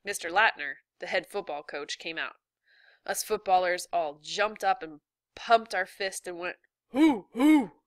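Woman reading a novel aloud, bright. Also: fairly low pitch, unhurried, no echo, studio quality. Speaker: reader.

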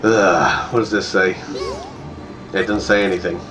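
A man giving casual, playful let's-play commentary, chatty and quick to laugh. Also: deep voice, fairly even intonation, noisy background. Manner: chatty, playful, laughs often and puts on silly voices.

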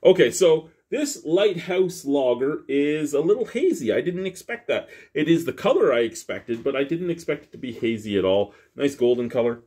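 A man's voice: on the high side, big pitch swings, normal speed, hardly any pauses, dark tone, breathy edge. A man casually reviewing a beer to camera at home, joking and rambling in a self-deprecating way. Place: home basement.

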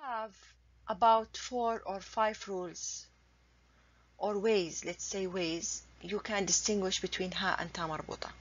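Woman, a patient teacher, husky, slightly muffled lo-fi sound. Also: medium pitch, fairly even intonation. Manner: patient, repeats examples slowly and carefully. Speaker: Arabic teacher. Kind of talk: explanatory language lesson. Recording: dull lo-fi recording.

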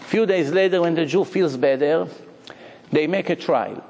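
A man preaching as a rabbi, telling parables with lively rhetorical questions. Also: on the high side, moderate pace, creaky. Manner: animated storytelling with rhetorical questions. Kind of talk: sermon. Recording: long hall reverb.

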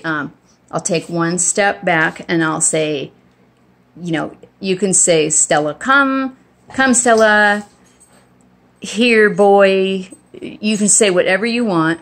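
A woman filming on a handheld phone in her home kitchen, casually showing dog training with a chatty, rambling delivery full of restarts and ums. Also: lowish voice. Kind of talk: casual home video demonstration. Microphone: phone held in hand.

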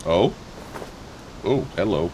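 A man's voice: low-pitched, expressive, takes it slowly, mellow, a little hiss or hum. A young man giving casual, sarcastic gameplay commentary as a let's play host, swearing freely and joking at the game.

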